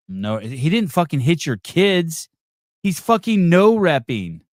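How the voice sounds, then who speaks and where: A man's voice: mid-range voice, animated, a little slow, dry recording, studio quality. Blunt, profane male podcast host. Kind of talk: live podcast, reacting to videos.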